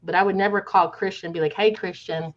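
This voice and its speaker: A woman's voice: medium pitch, fairly even intonation, very fast, dull audio. A woman guest on a podcast, explaining with emphatic exasperation in casual conversation.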